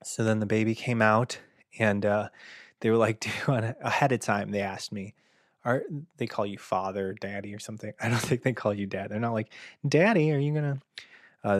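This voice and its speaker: A young man hosting a podcast, telling a comic story in a deadpan, self-mocking way. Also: lowish voice, normal speed, dry recording, studio quality. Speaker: podcast host. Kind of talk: comedic storytelling monologue.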